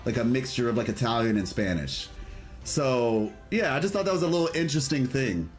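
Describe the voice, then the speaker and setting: A man's voice: medium pitch, expressive, fairly quick, faint music behind. A man streaming a video game, chatting casually and enthusiastically with a rambling, friendly delivery while reading chat aloud. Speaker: gaming streamer.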